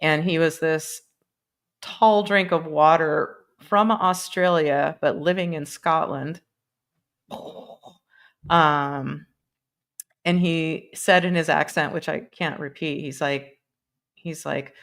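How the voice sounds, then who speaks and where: A woman chatting on her own live stream through a computer mic. Her voice sits a little low with a gravelly edge. She wanders from topic to topic, laughs easily and swears without a second thought. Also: fairly even intonation, slow, pauses often, a bit bright. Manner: rambling and laughing, with frequent swearing. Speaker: livestream host. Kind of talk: casual live-stream chat.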